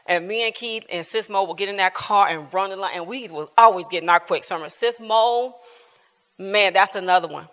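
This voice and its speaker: A woman shares her story at a church bible class, loose and colloquial, breaking into laughter as she goes. Her voice is bright and ringing, and it echoes through a large, reverberant church hall. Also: medium pitch, normal speed. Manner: colloquial, laughing often, animated. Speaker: church member giving testimony at bible class. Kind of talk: personal testimony, casual storytelling.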